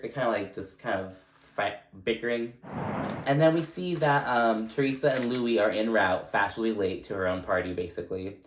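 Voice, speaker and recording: A man's voice: fairly low pitch, a little fast, slight background noise. Chatty man recapping, echoey room. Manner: chatty, lots of fillers, swears freely. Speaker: recap vlogger. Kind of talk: casual recap vlog.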